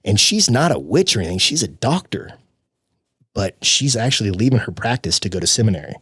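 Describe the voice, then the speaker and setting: A man telling a personal story as a podcast guest in an earnest, animated, casual way. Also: fairly low pitch, brisk, slightly rough, dry recording, studio quality. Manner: earnest, animated storyteller who says "dude".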